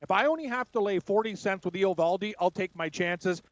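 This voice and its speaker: A man co-hosting a sports radio show, giving brisk and confident talk about the games and the bets. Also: high voice, dry recording, dull audio. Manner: brisk, confident betting analysis.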